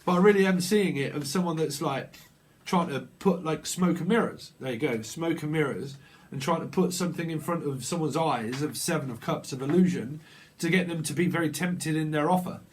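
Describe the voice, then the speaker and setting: A man's voice: a little high, fairly quick, slight background noise. A man giving a casual, rambling tarot reading, repeating phrases and acting out little exchanges. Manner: rambling, repetitive, acts out little dialogues. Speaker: tarot reader. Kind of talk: casual intuitive reading monologue.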